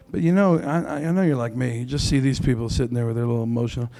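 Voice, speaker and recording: A man's voice: mid-range voice, fast talker, dark tone. A man doing a stand-up comedy set on a club stage into a handheld mic, brash and crude with self-mocking punchlines.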